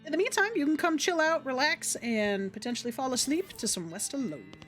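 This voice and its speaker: A woman's voice: sits high, big pitch swings, a little fast, fairly bright tone, soft background music. A young woman streaming a game, chatting casually with viewers and reading game text aloud in an upbeat way. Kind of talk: casual gameplay livestream chat.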